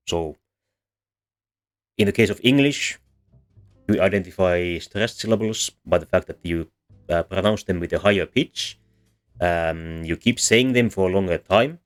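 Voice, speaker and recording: A man with a very low voice talks through a lesson in voice-over. He pauses often, with plenty of ums and uhs and restarted phrases. Faint music plays behind him. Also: animated. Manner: hesitant, many fillers and restarts. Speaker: language history explainer.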